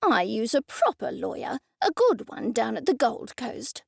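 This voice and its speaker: A woman's voice: high voice, big pitch swings, normal speed, vocal fry, breathy edge, dry recording, clean studio sound, full character voice. A woman reading the lines of a haughty, disdainful woman in an audiobook, speaking in a clipped way.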